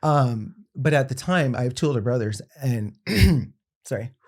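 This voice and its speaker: A young adult man guesting on a podcast, telling a personal story in an easygoing, conversational way. He brings his tale to life by voicing the people in it, and his pitch sits in the middle range. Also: unhurried. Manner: animated storyteller acting out quotes.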